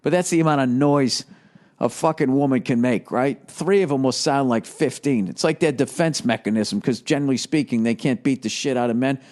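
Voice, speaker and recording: A man's voice: mid-range voice, fairly quick, a little mellow. A man in his forties with a Boston accent, hosting a podcast in a rambling comedic monologue, grumpy, profane and worn out. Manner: grumpy, profane, ranting with sarcastic asides. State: mentally exhausted. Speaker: podcast host.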